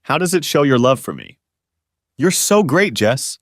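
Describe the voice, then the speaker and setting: A man's voice: mid-range voice, sing-song, a little slow, a bit bright, no room sound, studio quality. A man narrating a first-person relationship story, speaking in an earnest, confrontational storytelling manner.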